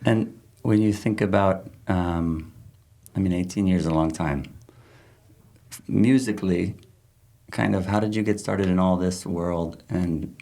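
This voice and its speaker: Deep, gravelly male podcast host. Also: warm tone. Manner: loose, searching phrasing with fillers. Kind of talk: casual interview hosting. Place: artist room of a venue.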